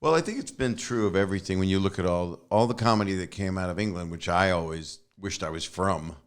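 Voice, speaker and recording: A man with a low voice hosts a podcast in loose, easygoing conversation. He rambles and keeps making jokes at his own expense. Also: fast. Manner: rambling, self-deprecating joking. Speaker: podcast host. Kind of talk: casual chat.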